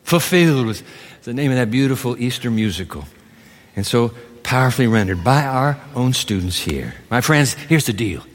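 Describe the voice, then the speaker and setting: A man's voice: medium pitch, normal speed, slight background noise. A man preaching a sermon from the pulpit, acting out biblical dialogue in different voices. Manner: animated, acts out biblical dialogue. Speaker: pastor. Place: large church hall. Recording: reverberant church hall.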